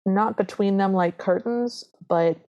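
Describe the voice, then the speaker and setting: A woman's voice: mid-range voice, a little slow, mellow, dull audio. A woman co-hosting a podcast in casual chat, gushing with enthusiasm as she describes scenes. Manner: enthusiastic, gushing, often quotes characters. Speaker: podcast co-host.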